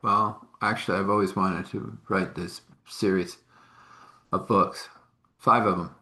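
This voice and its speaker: Low-voiced man telling a faith story. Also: fairly even intonation, measured pace, pushed and bright, reverberant. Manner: rambling, chuckling, conversational. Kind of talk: informal faith testimony storytelling.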